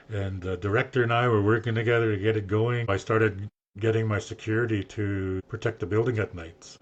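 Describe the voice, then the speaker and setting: An older man on a podcast, earnestly telling a personal story and acting out what people said to him, with a husky voice. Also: fairly low pitch, muffled recording. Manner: earnest, emotional storyteller who acts out quoted speech. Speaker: guest sharing his story.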